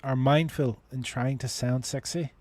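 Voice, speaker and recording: A man's voice: mid-range voice, fairly even intonation, a little slow, darkish tone, no room sound. A man hosting a casual livestream advice chat, talking in a rambling way with many restarts and fillers. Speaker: host.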